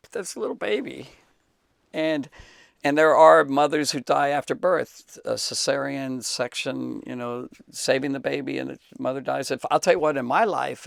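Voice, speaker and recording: Gravelly male Bible teacher, dry close sound, emphatic off-the-cuff answer full of fillers. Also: medium pitch, no room sound. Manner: emphatic, halting with many fillers and restarts. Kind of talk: unscripted talk to camera.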